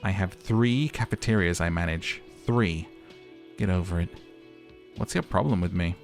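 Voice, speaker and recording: A touchy, sarcastic cafeteria manager in a video game, mocking and exasperated, as a man puts him on. The voice sits very low, with faint music underneath. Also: normal speed, gravelly.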